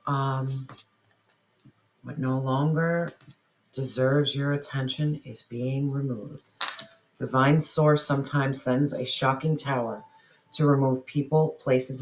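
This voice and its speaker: A tarot reader speaks slowly in a medium-pitched, fairly even voice, with a little hiss or hum in the background. She gives viewers an earnest reading directly, repeating phrases often and asking spirit questions aloud as she draws cards.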